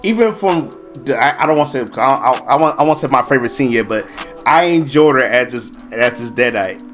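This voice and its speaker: A man's voice: mid-range voice, lively intonation, a little fast, fairly bright tone, soft background music. Hesitant man chatting about a film. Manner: hesitant, stammers and restarts. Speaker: podcast co-host. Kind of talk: casual movie recap chat.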